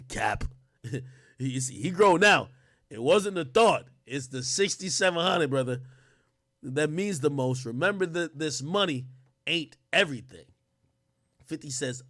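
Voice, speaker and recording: A man co-hosting a livestream who reads text messages aloud and reacts loudly, using heavy slang and cursing. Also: a little high, animated, normal speed, no echo, studio quality. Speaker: livestream co-host. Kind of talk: casual livestream commentary, reading texts aloud.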